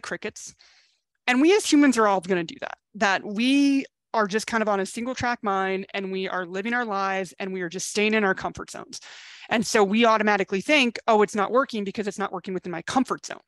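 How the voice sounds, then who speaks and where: A woman's voice: mid-range voice, fairly bright tone, no room sound. A middle-aged woman, a dating coach, giving a blunt tough-love pep talk to camera in a casual, chatty way.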